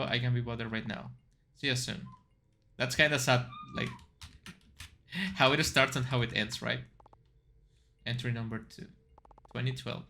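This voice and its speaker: Bright-voiced man streaming a game. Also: medium pitch, slight background noise. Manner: reads aloud, then chats and reacts with yelps. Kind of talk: game playthrough, reading text aloud.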